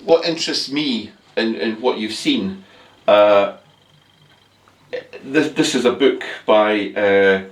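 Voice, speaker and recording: Hosting a ghost-story show, a man tells the tale and interviews guests in a lowish voice at a slow pace, with long pauses, many hesitations and restarts. The recording is roomy and distant.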